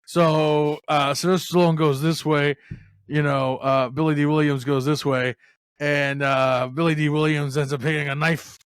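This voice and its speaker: A man's voice: a little high, little pitch movement, normal speed, clean tone, no echo, studio quality. Rambling, swearing male podcast host. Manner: rambling, swearing, acts out lines with laughs. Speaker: podcast host reviewing a movie. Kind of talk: casual chat.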